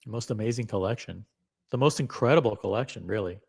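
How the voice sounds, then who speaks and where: A middle-aged man hosting a live stream, excitable and rambling, with many fillers and some swearing. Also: on the low side, fast talker, gravelly, breathy edge. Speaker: host. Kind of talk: casual live-stream chat.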